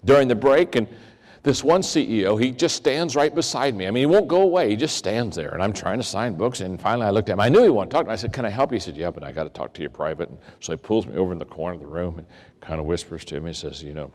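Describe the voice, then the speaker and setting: Older guy giving a leadership talk, super lively voice, jumps high and drops to a mutter for quotes, long hall echo. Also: fast talker. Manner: animated, acts out quoted voices with big pitch swings. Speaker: leadership speaker. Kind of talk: storytelling keynote talk. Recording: long reverb of a large hall.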